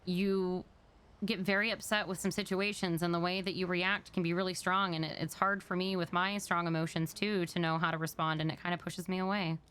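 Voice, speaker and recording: A woman's voice: on the low side, level tone, fairly quick, a bit bright, clean tone. A woman talking in character during a role-play, earnest and explaining herself at length.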